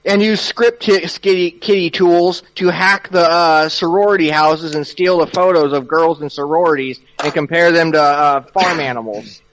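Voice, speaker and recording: A man in a group voice call, ranting with a lot of swearing and plenty of energy. His voice sits somewhat high for a man. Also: moderate pace, poor audio. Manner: profane, ranting, animated. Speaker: podcast participant. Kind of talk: casual group voice chat.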